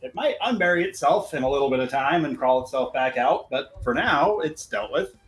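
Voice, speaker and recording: Game master, male, animated and lively in pitch, vivid scene narration, echoey room with faint music. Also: fairly quick.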